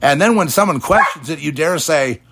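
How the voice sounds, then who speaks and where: A man's voice: on the high side, lively intonation, moderate pace, a bit bright, husky. A middle-aged man hosting a religious commentary show, preachy, mocking imagined critics in put-on quoted voices. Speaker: podcast host.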